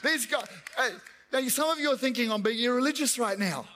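A man preaching an animated sermon in a church, acting out voices and chanting repeated prayers. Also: extremely high pitch, brisk, slight background noise. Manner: animated, acts out God and angels, chanting repetitions. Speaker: pastor. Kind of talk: energetic sermon with acted-out voices. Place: church hall. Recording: long hall reverb.

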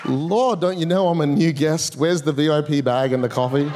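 A cheeky new churchgoer, just healed, grumbles in a joking, mock-indignant way, as a man puts him on. The voice sits fairly high. It rings with the long reverb of a large hall. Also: normal speed, a crowd in the background, background noise, close to an everyday voice.

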